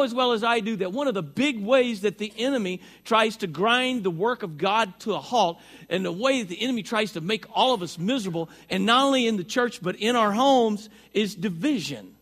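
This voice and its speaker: A man with a high voice preaches a sermon to his congregation from a church sanctuary. He keeps it conversational, stumbling over and repeating words, then lifts his voice to drive a point home. He moves around as he talks, carrying his mic with him. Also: animated, moderate pace, few pauses, a bit bright. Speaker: pastor. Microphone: walks around with a mic.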